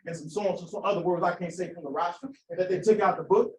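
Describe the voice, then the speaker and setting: A man's voice: high-pitched, steady tone, fast, a little mellow, far from the mic, slight background noise. A man preaching an impassioned sermon, asking rhetorical questions and repeating phrases for emphasis. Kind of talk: fiery sermon. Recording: echoey room, voice off-mic.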